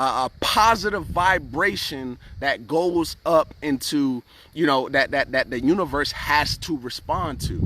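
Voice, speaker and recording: A man's voice: fairly high pitch, sharp tone. A man hosting a casual motivational live stream, speaking earnestly, repeating words and often asking "right?" as he greets viewers by name.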